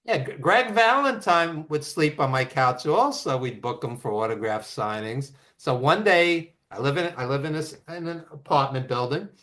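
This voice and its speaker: A man telling road stories as the guest of an interview, animated and quick to act out quotes. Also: on the high side. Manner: animated anecdotes with acted quotes and laughs. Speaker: author and wrestling writer, guest. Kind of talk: casual storytelling interview.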